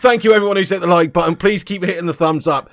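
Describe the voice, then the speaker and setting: A man's voice: sits high, quick pace. Sweary man ranting on a stream. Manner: sweary, blunt, laughing rants. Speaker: host of a fan channel live stream. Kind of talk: casual live-stream commentary.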